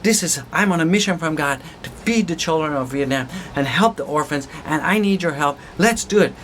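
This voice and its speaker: A man's voice: fairly high pitch, a little fast, slight background noise. Fired-up man hyping his channel. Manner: excited, pumped-up, repetitive hype. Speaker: crypto channel host. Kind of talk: hyped video outro.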